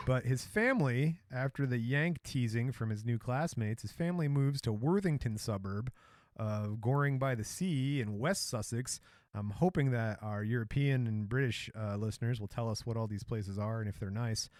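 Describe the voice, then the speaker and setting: A man's voice: mid-range voice, normal speed, a little mellow, dry recording, studio quality. A man from Michigan co-hosting a podcast, telling a story in a casual, joking way. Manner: joking, storytelling, laughs often. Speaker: podcast co-host.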